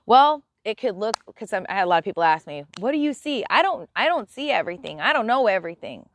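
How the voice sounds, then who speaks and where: A woman's voice: mid-range voice, big pitch swings, fast talker, no room sound. A woman hosting a live stream who talks bluntly and exasperatedly in a casual spiritual rant, swearing freely.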